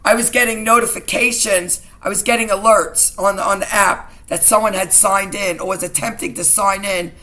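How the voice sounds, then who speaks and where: A middle-aged woman talks straight to her camera in an agitated, indignant personal rant. Her voice has a bright, sharp edge, and she circles back over the same points and repeats lines. The pitch sits in a middle range for a woman. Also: steady tone, moderate pace, few pauses. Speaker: vlogger.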